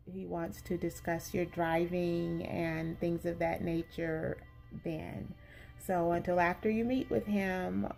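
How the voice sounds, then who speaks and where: Woman doing a low, soft, gravelly-edged office assistant, careful and slow; faint music under. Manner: soft, measured, hesitant with fillers. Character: polite, careful female medical office assistant.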